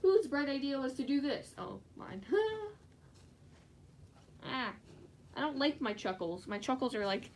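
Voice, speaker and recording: Giggly, excitable woman with lively pitch. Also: measured pace, pauses often. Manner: giggly, excitable, bursts of squeals. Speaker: fursuit maker streaming live. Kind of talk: casual chat while crafting. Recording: distant mic with faint background noise.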